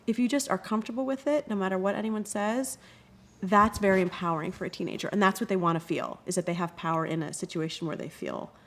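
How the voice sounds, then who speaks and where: A woman who runs anti-bullying workshops, answering interview questions in an expressive way and often acting out quoted voices. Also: mid-range voice, quick pace. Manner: expressive, acts out quoted kids and parents.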